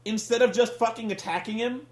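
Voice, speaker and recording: A man's voice: extremely high pitch, a little fast, roomy sound. A man hosting a casual comedic rant, sarcastic and profane, sounding exasperated. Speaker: podcast host reviewing wrestling.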